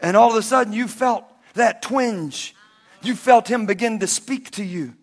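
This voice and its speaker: High bright-voiced male preacher in a hall. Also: moderate pace. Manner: animated storytelling, bursts of shouting. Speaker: pastor. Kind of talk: sermon. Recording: long hall reverb.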